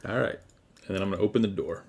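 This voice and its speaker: A man's voice: sits low, rapid-fire, slight background noise. A young man playing a tabletop role-playing game, talking casually and getting exasperated, with frequent swearing.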